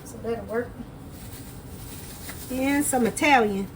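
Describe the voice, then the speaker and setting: A woman's voice: fairly high pitch, slow, background noise. Chatty woman cooking at home. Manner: folksy, chatty, keeps calling out to viewers. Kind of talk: casual cooking chat to camera. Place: home kitchen.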